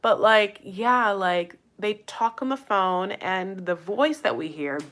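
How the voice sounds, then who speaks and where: A woman's voice: mid-range voice, lively intonation, takes it slowly, fairly bright tone. A woman recapping a reality show in a casual, gossipy chat, full of "like" fillers and playful asides to her viewers. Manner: addresses viewers directly as "you guys" and "honey". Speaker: recap vlogger.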